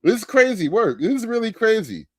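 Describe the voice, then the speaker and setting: A man's voice: high-pitched, very animated, a little fast, breathy edge, no room sound, studio quality. A man giving livestream commentary in a sarcastic, incredulous and rambling way. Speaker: streamer and commentator.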